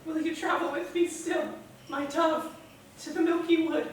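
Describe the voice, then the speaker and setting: A woman's voice: high voice, fairly even intonation, close to an everyday voice. A woman playing a heartbroken young man on a theater stage, mournfully declaiming verse. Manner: slow, mournful, poetic declamation. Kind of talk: live stage drama. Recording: echoey theater from far off, faint hum.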